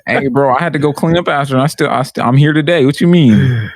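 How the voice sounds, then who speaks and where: A man co-hosting a casual podcast, talking in quick slang, bragging about work he has done. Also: on the high side, dry recording, studio quality. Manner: fast slangy bragging, leans on "fam" and "bro". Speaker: podcast co-host. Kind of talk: casual argumentative chat.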